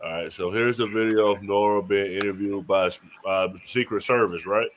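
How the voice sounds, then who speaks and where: Low-voiced man prompting his co-host. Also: fairly even intonation, moderate pace. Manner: brief, prompting questions. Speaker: podcast co-host. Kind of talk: casual podcast chat. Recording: clear background noise.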